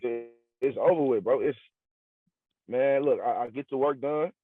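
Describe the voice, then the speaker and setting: A man's voice: medium pitch, moderate pace. A man co-hosting a podcast in casual chat, talking bluntly and emphatically with heavy slang and swearing. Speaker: podcast co-host. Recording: tinny, dry lo-fi sound.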